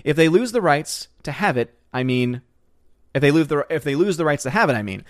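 A man's voice: a little high, animated, brisk, dry recording, clean studio sound. A young man hosting a casual livestream, reading viewer comments aloud and chatting back in a rambling, easygoing way. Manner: chatty, rambling, laughs often, thanks viewers warmly. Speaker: livestream host reading chat.

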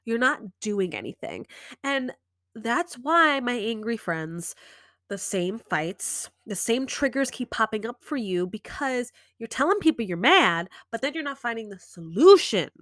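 A woman in her thirties hosting a podcast, giving casual advice and acting out inner dialogue in an animated way. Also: a little high, no echo, clean studio sound. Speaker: podcast host.

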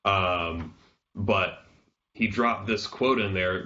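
A man's voice: low voice, slow, pushed and bright, muffled recording. A man co-hosting a podcast in casual chat, talking things through with fillers and restarts. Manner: conversational, reads a quote aloud with fillers. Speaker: podcast co-host.

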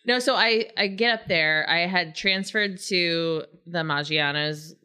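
A woman's voice: fairly low pitch, a little slow, pushed and bright, smooth. A woman producer in casual podcast chat, telling stories and laughing often. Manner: chatty storyteller, laughs often.

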